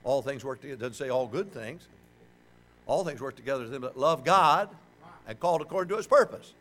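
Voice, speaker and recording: A man's voice: medium pitch, fairly quick. An older man preaching a sermon, joking and calling on the congregation to answer back. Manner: joking, animated, call-and-response with the congregation.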